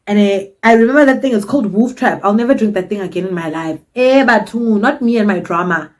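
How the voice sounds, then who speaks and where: South African woman, twenties, vlogger, dramatic cheeky storyteller, mid-pitched voice. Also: brisk. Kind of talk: casual storytime.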